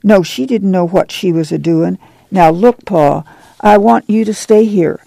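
A man's voice: sits high, unhurried, creaky, dark tone, no room sound, heavily acted. A man voicing a weary, firm middle-aged farm mother with a plainspoken rural drawl.

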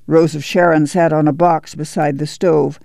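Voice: mid-range voice, little pitch movement, normal speed, vocal fry, a little mellow, no room sound, clean studio sound. A reader narrating a novel as an audiobook, reading the dialogue in rural dialect.

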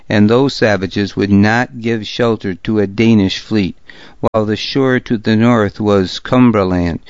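A man reading a historical novel aloud as a narrator, in a measured, steady way. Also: on the low side, clear, resonant tone, no room sound, muffled recording. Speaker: audiobook narrator. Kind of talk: scripted narration.

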